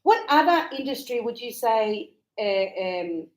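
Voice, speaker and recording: Slow, clear woman teaching English. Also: fairly high pitch, sing-song, poor audio. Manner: slow, clear, explaining with acted greetings. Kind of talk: classroom English lesson. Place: Australia.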